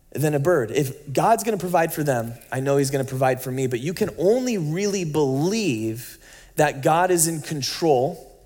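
Animated high-voiced man preaching. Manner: animated storytelling, acting out quotes. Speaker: pastor. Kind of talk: sermon with personal story. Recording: long hall reverb.

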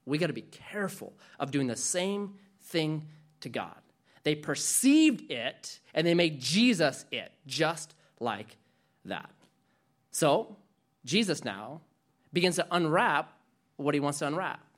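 A male pastor preaching a sermon, animated and acting out quoted voices. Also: on the high side, takes it slowly.

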